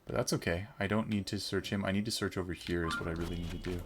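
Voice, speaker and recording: A man's voice: sits low, steady tone, quick pace, music in the background. A man streaming a game, giving casual, jokey commentary and chatting with his viewers. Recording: clear background noise.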